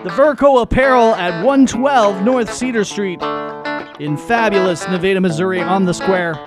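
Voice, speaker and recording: A middle-aged man, reading sponsor ads in a loud, drawn-out announcer style. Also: high-pitched, over music, voice pushed up, lightly acted. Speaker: podcast host reading sponsors.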